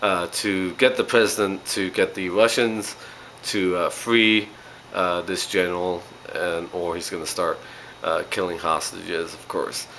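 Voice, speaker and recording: A man's voice: sits low, little pitch movement, measured pace, fairly bright tone, a little hiss or hum, rough recording. A man giving a casual spoken movie review, rambling along with frequent ums and uhs.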